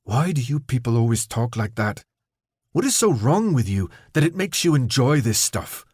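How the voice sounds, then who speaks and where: A young man in an audiobook, speaking bitterly through held-back rage, as the narrator reads him. His words are kept calm, and the voice is dry and close. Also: medium pitch, moderate pace, husky, dry recording. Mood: pressing. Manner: restrained, bitter. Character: young man, angry but holding it in.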